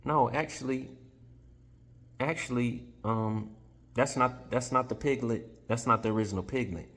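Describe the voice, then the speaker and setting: A man's voice: medium pitch, a little slow, fairly bright tone, pitched above the performer's own voice. A man voicing a sassy, defiant female cat, talking bluntly and unbothered in a storytelling retelling.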